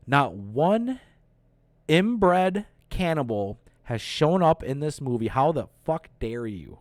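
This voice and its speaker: A man hosts a casual movie review, retelling scenes with plenty of swearing and quick acted-out quotes. His voice sits at a middle pitch, and the recording is dry, with no room sound. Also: no echo. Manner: animated, profane, acts out quotes. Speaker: host.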